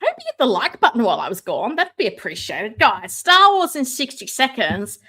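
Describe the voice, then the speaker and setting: A woman hosting a live stream from home, chatting casually, excitable and sarcastic, sometimes shouting. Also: fairly high pitch, a little fast, breathy edge. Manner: excitable, sarcastic, loud at times. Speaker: livestream host. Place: home room with ring light. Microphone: no mic close by, computer setup.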